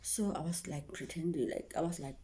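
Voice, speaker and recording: A woman's voice: low voice, a little fast, dark tone, a little hiss or hum. A young woman telling an emotional story to her viewers, often dropping into a whisper and repeating herself. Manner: repetitive, keeps addressing viewers. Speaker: vlogger.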